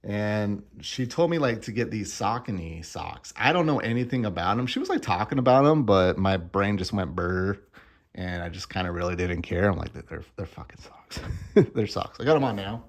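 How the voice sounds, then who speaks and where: Young man, low-pitched voice, loose rambling vlogger, jokey, casual swearing. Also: expressive, normal speed. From Arizona. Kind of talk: casual chat.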